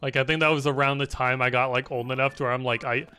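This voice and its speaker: A man's voice: mid-range voice, fairly even intonation, quick pace, pushed and bright, smooth, soft background music. A young man casually telling a story while playing a game, rambling with many restarts and filler words, laughing and swearing now and then. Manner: laughs often at his own story. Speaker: gamer narrating gameplay. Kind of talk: casual gaming commentary and storytelling.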